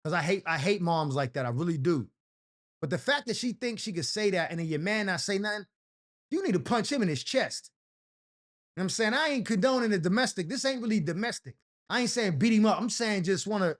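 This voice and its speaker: A man's voice: high-pitched, fairly bright tone. A man hosting an advice show, talking in a slangy, fired-up, heated way. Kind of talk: casual advice rant.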